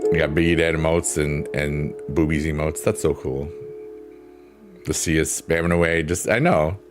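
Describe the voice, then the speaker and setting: Deep-voiced man in rambling stream chat. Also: steady tone, moderate pace. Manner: rambling and playful, laughs often. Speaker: livestreamer. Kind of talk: casual chat with live viewers. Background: soft piano.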